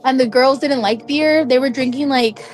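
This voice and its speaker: A woman's voice: sits high, moderate pace, faint music behind. A young woman casually telling a personal story, chatty and full of "like" fillers. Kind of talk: casual spoken anecdote.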